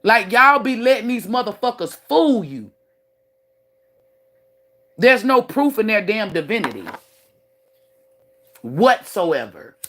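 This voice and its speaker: On her livestream rant, a self-styled spiritual teacher speaks slowly in a high, sing-song, slightly bright voice, leaving long pauses. She's blunt, profane, and boastful, preaching at her audience while bragging about her gifts and swearing a lot.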